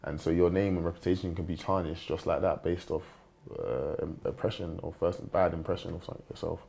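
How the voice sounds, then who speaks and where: This young man speaks in a low, deep voice, and he talks quickly. He is a footballer sitting on a panel and answers earnestly, often restarting his sentences. His tone is dark and mellow. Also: fairly even intonation, vocal fry. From London. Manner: fast, earnest, with many restarts. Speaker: professional footballer, guest. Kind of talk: panel discussion.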